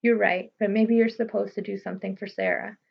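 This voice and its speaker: A woman voicing a gentle ghost of a murdered boy, speaking calmly and quietly. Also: mid-range voice, a little fast, creaky, husky. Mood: quiet, earnest. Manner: calm, quiet, soothing. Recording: slightly muffled recording.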